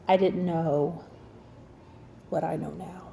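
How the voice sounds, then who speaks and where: A woman telling a story casually, acting out other people's lines in an animated and self-mocking way. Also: low voice, takes it slowly, gravelly, slight background noise.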